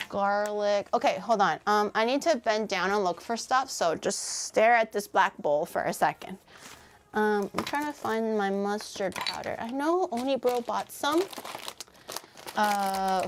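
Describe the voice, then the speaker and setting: A woman's voice: mid-range voice, slight background noise. A young woman cooking on a livestream, chatting casually with her viewers, teasing them, swearing and laughing often. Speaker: cooking streamer.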